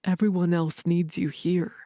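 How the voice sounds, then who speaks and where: A woman voicing a soft-spoken earnest young man. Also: flat delivery, measured pace, dry recording, clean studio sound. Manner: soft, low and hushed. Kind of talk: audiobook character voice.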